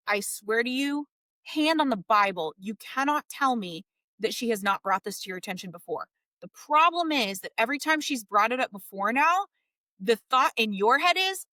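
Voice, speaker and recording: A woman's voice: fairly high pitch, sharp tone, no room sound. A woman marriage coach giving direct, emphatic advice to husbands in a podcast monologue.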